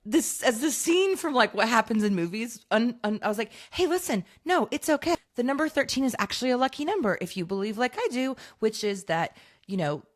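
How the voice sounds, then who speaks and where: A woman of middle pitch co-hosting a podcast in relaxed casual chat. She tells a long anecdote with plenty of energy, slipping into quick imitations of the people she describes. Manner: animated storyteller, acts out other people's voices. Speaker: podcast co-host.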